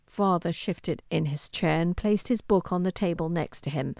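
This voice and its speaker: A woman reads a historical romance aloud with expressive storytelling. Her pitch moves freely, rising and falling through the sentences. The recording is close and dry, with no room sound. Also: measured pace, creaky, hardly any pauses, no echo. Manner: expressive, with lively intonation. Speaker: audiobook narrator. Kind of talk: scripted narration of a historical romance.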